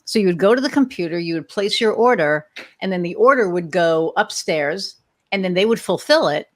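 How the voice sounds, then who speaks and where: A woman's voice: lowish voice, animated, brisk. A woman in her sixties hosting a podcast, telling rambling, chatty stories and joking about her age. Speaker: podcast host. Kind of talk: casual conversational interview.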